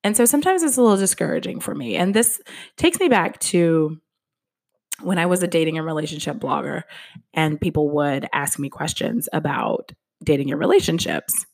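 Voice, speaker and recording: Breathless lady podcaster, chatty and candid, bit gravelly, talks into a podcast mic. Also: deep voice, expressive, normal speed. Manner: chatty, candid, swears casually, laughs at herself. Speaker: podcast host. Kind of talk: casual solo podcast chat. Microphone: podcast microphone.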